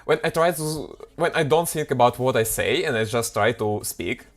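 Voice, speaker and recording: A man's voice: medium pitch, expressive, normal speed. A man in casual chat, speaking hesitantly and restarting his sentences as he searches for words. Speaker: developer preparing for a job interview.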